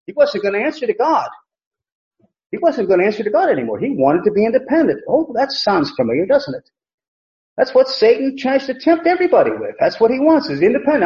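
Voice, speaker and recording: A man's voice: high voice, huge pitch swings, a little fast, darkish tone. A man teaching an expository Bible sermon, emphatic, and often repeating phrases. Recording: roomy, dull lo-fi sound.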